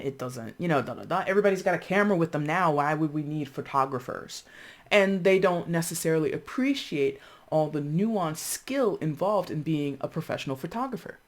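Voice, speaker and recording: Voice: mid-range voice, animated, normal speed. A tarot reader giving a casual reading to camera, chatting freely with many fillers and restarts and acting out how other people would react. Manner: thinks aloud with frequent fillers and restarts.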